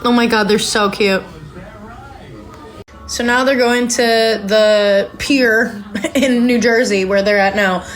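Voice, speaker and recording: A woman's voice: a little high, fairly even intonation, slow, long pauses, faint music behind. A woman hosting a podcast, chatting casually and reacting aloud as she recaps a reality show, with lots of filler words. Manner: chatty, reacts aloud while watching, many "like"s. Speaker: podcast host.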